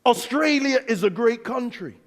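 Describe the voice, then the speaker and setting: A man with an English accent preaching a sermon as a pastor, telling stories in an animated way and acting out the dialogue. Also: very high voice, normal speed. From England. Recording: long reverb of a large hall.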